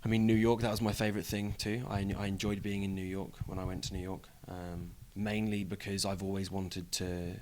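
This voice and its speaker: A young British man chats as an interview guest, joking and laughing easily as he talks. His voice sits on the low side. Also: level tone, a little fast, few pauses, a little mellow. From United Kingdom. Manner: playful, jokey, laughs easily. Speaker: professional wrestler, guest. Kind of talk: casual interview chat.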